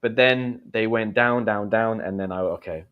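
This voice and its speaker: The audio is dull, but the man's fairly low voice has a clean tone, fairly even intonation and normal speed. He's an English teacher hosting a livestream, chatting warmly, encouraging viewers and reading their comments.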